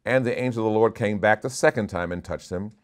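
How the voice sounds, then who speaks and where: A man's voice: lowish voice, fast. A man preaching a sermon as bishop, stressing his points by repeating short commands.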